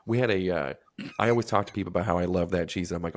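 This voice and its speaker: A married man co-hosting a podcast, chatting casually and telling animated, profane stories with acted-out quotes. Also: sits low, very fast. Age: adult, married. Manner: animated storyteller, swears freely, acts out quotes. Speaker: podcast co-host.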